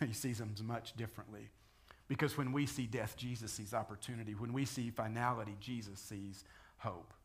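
A man's voice: lowish voice, fairly even intonation, normal speed, hardly any pauses. A male pastor preaching a conversational sermon, asking the congregation questions and voicing the scripture he quotes. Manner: conversational preaching, rising to loud dramatic quotes.

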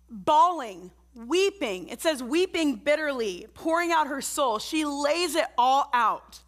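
A woman's voice: high voice, a bit bright. A middle-aged woman preaching a sermon at a church service, earnest and conversational, putting direct questions to the congregation.

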